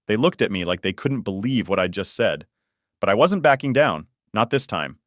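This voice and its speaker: A man's voice: lowish voice, animated, moderate pace, a bit bright, no echo, studio quality. A man narrating a first-person family story in a casual, blunt way that swears freely.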